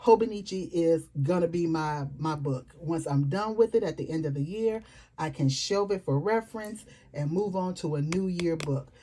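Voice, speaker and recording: A middle-aged woman, chatting excitedly and fast to her viewers in a home vlog, calling them y'all. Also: lowish voice. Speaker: planner vlogger. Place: home desk.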